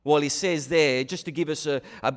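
A middle-aged man preaching a sermon as pastor, shifting between quiet asides and emphatic points. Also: a little high, steady tone, normal speed. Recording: long hall reverb.

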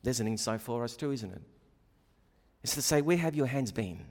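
A man preaching a sermon, animated and swinging between loud emphasis and hushed asides, acting out quoted voices. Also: medium pitch, normal speed. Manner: animated, acts out quoted voices, rising and falling loudness. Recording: long reverb of a large hall.

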